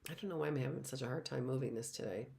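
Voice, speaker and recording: A middle-aged woman teaching an online phonics lesson, explaining slowly and sounding out letters and words. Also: extremely low pitch, vocal fry, darkish tone.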